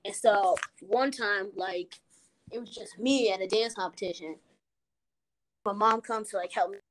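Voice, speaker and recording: A woman's voice: medium pitch, measured pace, a little hiss or hum. A young woman in casual chat, telling a personal story frankly, with plenty of swearing and filler words. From Minnesota.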